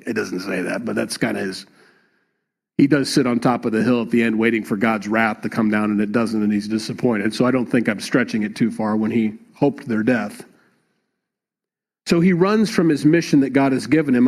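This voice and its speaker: Pastor, man, mid-pitched, chatty sermon delivery with emphatic swells. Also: fairly even intonation, moderate pace, darkish tone. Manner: conversational preaching, rising emphatic at times.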